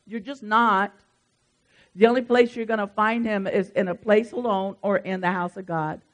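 A pastor, preaching a sermon in a lively, emphatic way and speaking straight to the congregation. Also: mid-range voice, normal speed.

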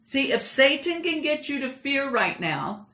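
A woman preaching a sermon, reading scripture with emphatic, slowed delivery. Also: sits high, very animated, fairly bright tone, reverberant. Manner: emphatic, slows down for scripture lines.

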